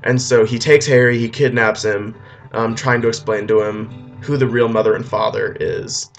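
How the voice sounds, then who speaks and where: Offhand rambling male storyteller, loose comic retelling, soft music under. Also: lowish voice, little pitch movement, moderate pace, gravelly. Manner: rambling, offhand, with filler restarts.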